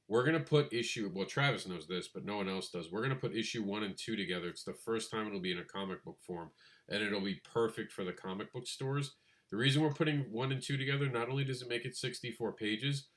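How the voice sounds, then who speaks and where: A man co-hosting a casual chat about comic book crowdfunding, animated and quick to laugh. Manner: animated, laughs, mimics others in a high voice. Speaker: podcast co-host.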